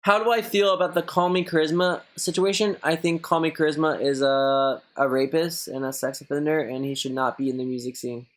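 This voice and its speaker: A man's voice: steady tone, a little fast, hardly any pauses. Young man streamer chatting casually. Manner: rambling, swears often, answers viewers; mocks a high gushing voice when quoting others. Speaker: streamer reading viewer messages. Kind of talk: casual live-stream chat.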